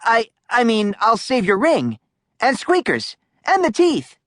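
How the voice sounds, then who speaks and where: Woman voicing a brave little boy, high excited voice, earnest, storybook, dry close sound. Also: measured pace, no room sound. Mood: eager. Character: eager brave young boy.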